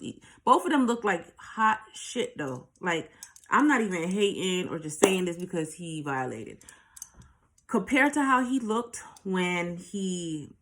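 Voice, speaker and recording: A woman's voice: medium pitch, fairly bright tone. A woman telling her own story in a blunt, profane way, often repeating a line for emphasis. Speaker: channel host telling a personal story. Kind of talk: candid personal storytelling.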